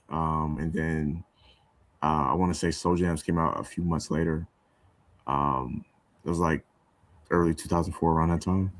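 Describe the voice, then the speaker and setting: A young man with a very low voice talks loosely in a dry, close recording. He rambles through his thoughts with plenty of fillers and restarts, in an easygoing podcast chat. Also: no room sound. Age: young adult. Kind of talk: casual chat.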